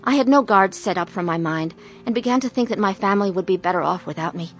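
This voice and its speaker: A woman's voice: mid-range voice, expressive, fast, faint music behind, lightly acted. Actress voicing a middle-aged woman narrating a dramatized testimony, earnest. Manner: earnest, confessional. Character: troubled middle-aged wife telling her story, woman. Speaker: narrator and main character.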